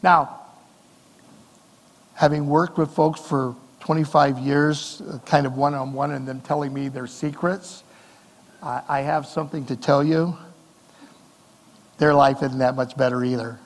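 A middle-aged male pastor preaching a sermon in a church, talking conversationally with rhetorical questions and swings between soft and emphatic delivery. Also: mid-range voice, fairly even intonation, a little slow, pauses often, long reverb tail. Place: church sanctuary.

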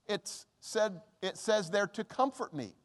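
A man preaching a sermon as a pastor, earnest and pleading, slowing down to stress scripture verses. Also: sits high, animated, in a large hall.

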